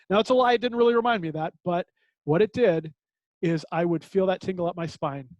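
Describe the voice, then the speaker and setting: A man's voice: high-pitched, fairly quick, no echo, muffled recording. A middle-aged man telling a personal story to a support group over a video call, candid, earnest and self-deprecating.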